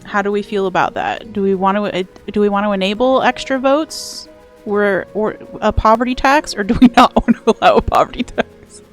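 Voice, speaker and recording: Soft music plays behind a young woman streaming a game as she talks at a fairly quick clip in a medium pitch. She jokes around with viewers, picking up their messages and replying.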